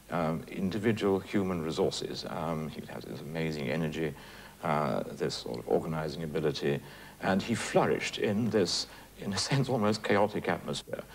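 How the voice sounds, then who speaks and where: Very deep gravelly man reflecting. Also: a little hiss or hum. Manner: reflective, hesitant with many fillers. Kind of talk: documentary commentary.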